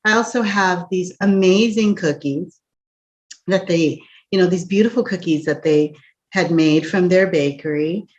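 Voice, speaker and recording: Woman, empath coach, animated storyteller who laughs often, lowish voice, dull lo-fi sound. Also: measured pace. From United States. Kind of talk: storytelling encouragement talk. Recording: dull lo-fi recording.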